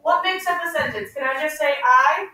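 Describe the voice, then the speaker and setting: A woman teacher leading a class with call-and-response questions, slowing down to stress key words. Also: sits high, pushed and bright. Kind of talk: classroom instruction. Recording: echoey room, mic far off, faint noise.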